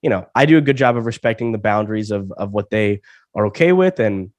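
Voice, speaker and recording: A man's voice: fairly low pitch, lively intonation, fast talker, a little mellow, no room sound. A young man in his twenties from Alabama, a comedian guest on a casual interview, feeling sick and often stammering over restarts. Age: 20s. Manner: stammering restarts, repeats words.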